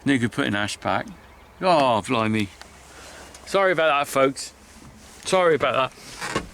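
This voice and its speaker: A man's voice: medium pitch, lively intonation, measured pace, a bit bright, slight background noise. A middle-aged man, a farmer vlogging outdoors by his hedgerows, talking in a chatty, heartfelt, rambling way with sighs. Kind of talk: casual walk-and-talk vlog.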